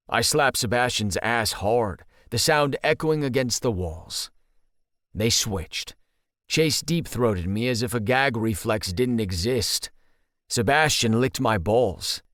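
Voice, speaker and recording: Male audiobook narrator, mid-pitched, steady first-person read, dry booth sound. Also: no room sound.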